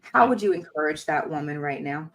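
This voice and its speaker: A woman hosting a podcast interview, sympathetic and quick with short affirming responses. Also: sits low, steady tone. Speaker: podcast host. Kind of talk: interview conversation.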